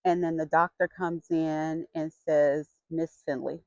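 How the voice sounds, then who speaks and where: A middle-aged woman vlogger telling a personal story in a frank, chatty and expressive way. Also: low-pitched, slow pace, dry recording. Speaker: vlogger sharing her health story. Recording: dull lo-fi sound.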